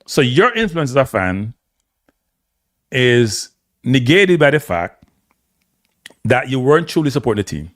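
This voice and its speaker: A man with a Jamaican accent hosting a casual live-stream commentary, blunt and animated, slipping between patois and standard English. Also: mid-range voice, measured pace, pauses often, dry recording, studio quality. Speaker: host.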